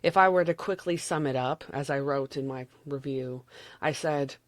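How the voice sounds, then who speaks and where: A woman's voice: rumbling low, moderate pace, dry recording. A woman in her thirties with a Southern US accent, giving a candid, rambling movie review and chuckling often. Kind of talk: casual spoken movie review.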